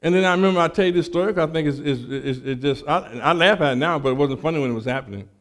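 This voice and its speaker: Animated male preacher telling a story. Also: on the high side, rapid-fire. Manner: animated storyteller, acts out dialogue, stammers on restarts. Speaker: preacher giving testimony. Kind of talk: sermon with personal story.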